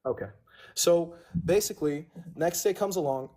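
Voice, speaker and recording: A man's voice: on the high side, moderate pace, warm tone. A man on a livestream casually telling a long, profane story and owning his mistakes. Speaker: livestream host.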